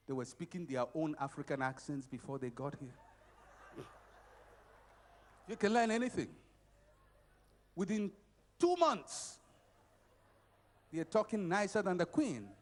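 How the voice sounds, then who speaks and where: A middle-aged man preaching a motivational sermon at a conference. He is emphatic and repetitive, swinging between shouts and quiet passages. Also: fairly high pitch.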